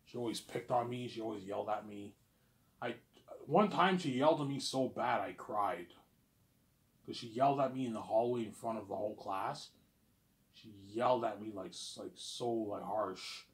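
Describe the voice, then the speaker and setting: In a voice on the low side and at a normal speed, a vlogger in his thirties tells a personal story in a casual monologue. He rambles, repeats himself, and swears often.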